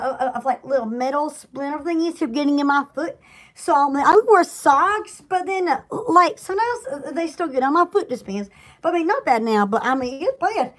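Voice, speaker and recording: A woman from Alabama chats with her viewers at home in a very high, squeaky voice that leaps up and down in lively swoops. She rambles and giggles, restarting her sentences and bursting into excited little exclamations. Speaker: vlogger chatting to viewers. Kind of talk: casual chat.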